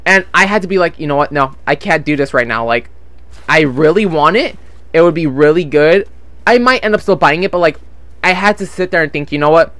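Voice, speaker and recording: Young man, gaming commentary, rambling and swearing, slightly high voice, dry close sound. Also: lively intonation, brisk, fairly bright tone, dry recording. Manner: rambling, frustrated, swears often. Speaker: gaming channel host. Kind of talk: casual gameplay commentary. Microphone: desktop USB microphone.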